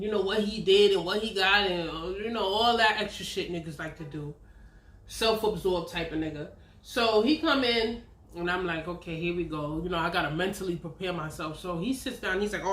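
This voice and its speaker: New lady in her 30s spilling a story, swears a lot, echoey room. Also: mid-range voice. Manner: candid, profane, animated storytelling. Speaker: vlogger. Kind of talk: storytime vlog. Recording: roomy echo.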